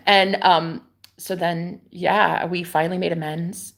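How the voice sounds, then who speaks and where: A young adult woman live streaming a rambling, confiding monologue, dropping to whispers and then rising to loud, profane exclamations. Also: fairly low pitch, fairly even intonation, slow. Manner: swings between hushed whispers and loud exclamations.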